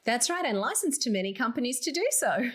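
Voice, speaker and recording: Australian woman guest, expressive storyteller, a touch high-voiced, laughs a lot. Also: fairly quick, noisy background. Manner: animated storyteller, laughs often. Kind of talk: casual interview chat.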